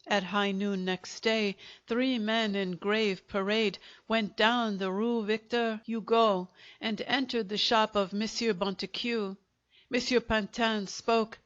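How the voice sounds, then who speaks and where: A woman reading a short story aloud as an audiobook narrator, in a measured storytelling manner. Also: mid-range voice, a bit bright. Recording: dull, lo-fi audiobook recording.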